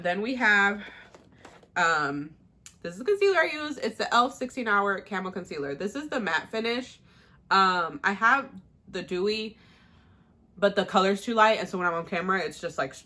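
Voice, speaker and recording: A young woman giving a casual, rambling makeup tutorial at home, with lots of "like" and quick asides. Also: medium pitch, lively intonation, bright, forceful tone. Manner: chatty, rambling, uses "like" a lot. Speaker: beauty vlogger.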